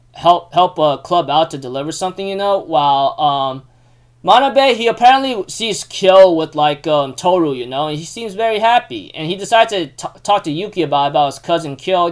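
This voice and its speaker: A man's voice: fairly high pitch, smooth. Rambling man recapping an anime episode. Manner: rambling, heavy use of fillers.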